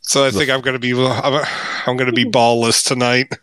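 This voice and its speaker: A man co-hosting a casual podcast, with a bright, forceful voice and joking, self-deprecating banter. The sound is dry and close, with no room around it. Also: mid-range voice, little pitch movement, brisk, smooth, no echo, low-quality recording. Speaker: podcast co-host. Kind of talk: casual chat.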